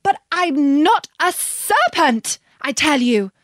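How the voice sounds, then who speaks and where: Lady doing a sweet high little girl, earnest and kinda anxious, slow lively delivery. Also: no room sound, studio quality. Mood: flustered. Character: bewildered polite young girl. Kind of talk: storybook read-aloud.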